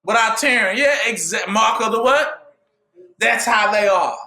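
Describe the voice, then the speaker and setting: A man preaching a call-and-response sermon, asking "what?" for the listeners to fill in and rising to shouts at his peaks. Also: sits high, a little slow, reverberant. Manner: asks "what?" for the audience to fill in.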